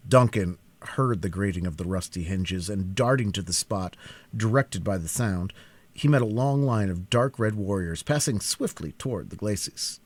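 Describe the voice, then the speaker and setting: A man reading a classic novel aloud in a live cold-read, with a dramatic, expressive delivery. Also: fairly low pitch, moderate pace, no echo. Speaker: audiobook reader.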